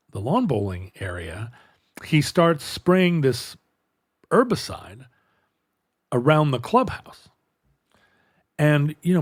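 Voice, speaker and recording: A middle-aged man tells a long story in a relaxed, conversational way, with a voice of ordinary pitch. He often stops and restarts his sentences and acts out what people said. The recording is dry and close, with no room sound. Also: no room sound. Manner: rambling, self-interrupting anecdote with quoted dialogue. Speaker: podcast host. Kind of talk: storytelling in casual chat.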